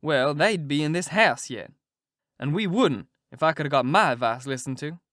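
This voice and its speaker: A man's voice: a little high, expressive, normal speed, fairly bright tone, no echo, clean studio sound. A man voicing a scheming male con man posing as a duke, drawling and chuckling in a storybook reading. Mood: sly.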